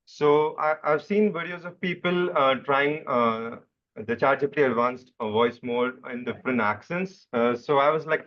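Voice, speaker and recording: A young man answering interview questions in a relaxed, explanatory way, often stopping and restarting. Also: medium pitch, normal speed. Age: young adult. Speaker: interview guest. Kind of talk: casual chat. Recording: dull lo-fi microphone.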